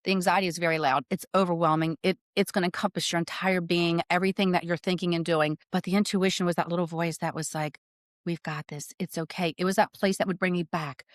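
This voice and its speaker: A woman's voice: fairly low pitch, steady tone, fast, few pauses, no echo, studio quality. A woman co-hosting a spiritual podcast, telling a personal story in earnest, casual chat and often checking in with "right?". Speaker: podcast co-host and spiritual medium.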